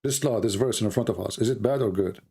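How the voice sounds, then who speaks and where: A man's voice: on the low side, quick pace, warm tone, husky. A man who is losing his voice, hosting a call-in debate, pressing the caller and repeating his questions. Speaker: debate host.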